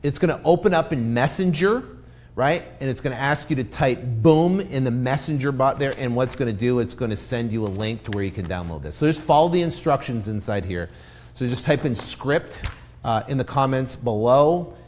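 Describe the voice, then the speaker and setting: A man's voice: mid-range voice, moderate pace. Man coaching real estate sales live. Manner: energetic, role-plays sales scripts to a seller; repeats himself, many fillers and restarts. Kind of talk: Facebook Live teaching.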